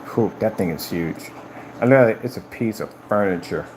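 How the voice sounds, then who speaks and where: A man talking casually on a live stream about his company's products, boastful and animated, often acting out conversations in a raised voice. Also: normal speed, noisy background. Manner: animated, boastful, retells conversations in high-pitched quoted voices.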